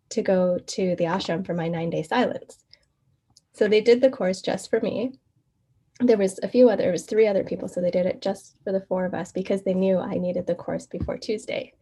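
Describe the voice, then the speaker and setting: A woman guest in an interview, telling her story in a casual, animated way, laughing often and acting out the quoted exchanges. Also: medium pitch.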